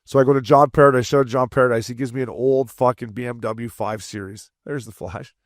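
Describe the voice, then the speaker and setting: A man co-hosting a hockey podcast, telling profane, animated locker-room stories and acting out quotes. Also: mid-range voice, fairly quick, dry recording, studio quality. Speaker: podcast co-host, former hockey player. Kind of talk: casual chat.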